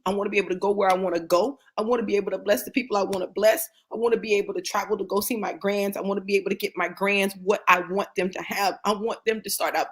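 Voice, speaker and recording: A woman's voice: medium pitch, fairly bright tone, husky. A woman with grandchildren, speaking as a motivational speaker in an impassioned, preacherly testimony, repeating phrases for emphasis and checking in with "right?".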